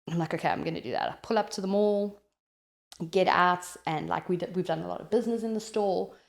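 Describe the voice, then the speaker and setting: A South African woman telling a personal story in an animated, chatty way, with many "like" fillers, as a podcast guest. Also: fairly low pitch, vocal fry, echoey room.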